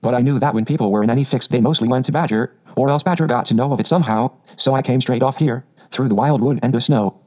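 A man's voice: mid-range voice, fast, hardly any pauses, natural voice. A man voicing a hearty, bold male otter who tells his tale cheerfully. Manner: cheerful, lively storyteller.

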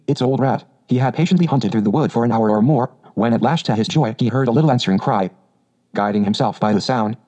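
Mellow-voiced male audiobook narrator. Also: medium pitch, muffled recording.

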